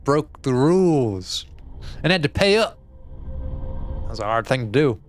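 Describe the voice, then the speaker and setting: A man's voice: mid-range voice, very animated, measured pace. A man voicing a sinister, folksy old male cult member in a put-on rural drawl, reading game text aloud. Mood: menacing.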